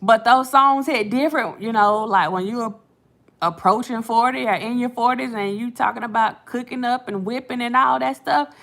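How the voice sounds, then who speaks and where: A woman's voice: fairly high pitch, normal speed, vocal fry, a bit bright. A woman, hosting casual late-night commentary, chatty and laughing often while she retells things. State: has a headache. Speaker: channel host.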